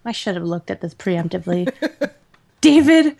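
A woman's voice: fairly low pitch, moderate pace, creaky, pauses often. Chatty woman rambling with laughs. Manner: animated, rambling with frequent laughs and fillers. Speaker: podcast co-host. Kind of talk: casual chat.

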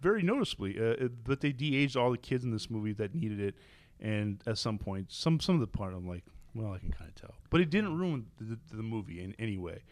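A man in casual chat, telling long stories with plenty of restarts and fillers, and getting animated when something excites him. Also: fairly low pitch, brisk, no echo. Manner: rambling, with frequent restarts and fillers; enthusiastic, animated storytelling.

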